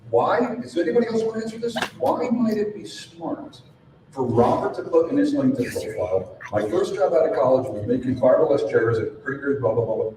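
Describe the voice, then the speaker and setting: Very animated and fairly quick, a man with a medium-pitched voice runs a live sales training seminar, hitting hard with rhetorical questions. The large audience room is very echoey, and the distant mic picks up background noise.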